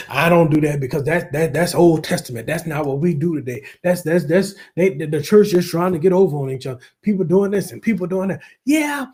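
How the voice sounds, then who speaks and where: Male pastor with Southern accent, husky voice, preachy and repetitive, swinging loud to soft. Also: fairly high pitch. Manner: preachy call-and-response, repeats words, swings loud and soft. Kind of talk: sermon.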